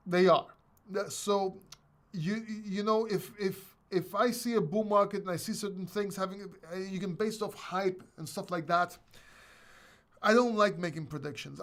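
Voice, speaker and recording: A man's voice: high voice, fairly bright tone. A man hosting a live crypto question-and-answer stream, speaking bluntly and emphatically, repeating points and swearing, a little short of breath from being sick. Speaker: crypto channel host. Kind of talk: live stream Q&A, opinionated rant.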